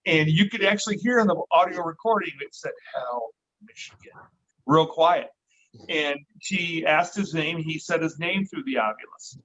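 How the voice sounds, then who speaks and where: A man's voice: on the high side, normal speed, a bit bright. A middle-aged man, a podcast guest, telling a story casually and acting out the voices he quotes, with the odd swear word. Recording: dull lo-fi recording.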